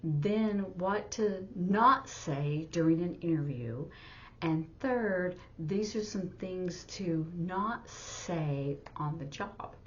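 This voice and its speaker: A woman with a low-pitched voice gives a casual sign language lesson, pausing often to think aloud. The recording is dull and lo-fi, with a faint noise underneath. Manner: halting, thinking aloud, with many fillers. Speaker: sign language teacher and interpreter.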